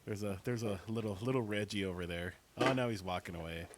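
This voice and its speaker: A man's voice: lowish voice, fast talker, heavy background noise. A man hosting a show over a video call, easygoing and chuckling as he talks. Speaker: host. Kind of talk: casual chat.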